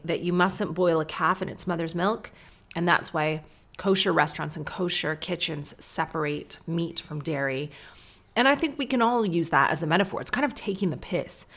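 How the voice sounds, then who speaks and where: A woman in her thirties hosting a podcast solo, rambling in casual chat and swearing freely. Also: deep voice. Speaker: podcast host.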